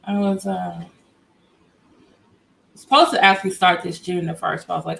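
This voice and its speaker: A woman's voice: fairly low pitch, fairly even intonation, moderate pace, gravelly, long pauses, a bit bright, rough recording. A woman hosting a casual livestream from home, chatty and greeting viewers by name as they join. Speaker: livestream host.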